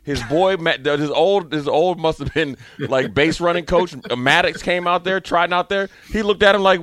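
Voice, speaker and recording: A man's voice: on the high side, moderate pace, hardly any pauses, a bit bright, dry recording. A man hosting a sports radio show, telling stories in a laid-back, slangy way. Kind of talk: casual sports radio chat.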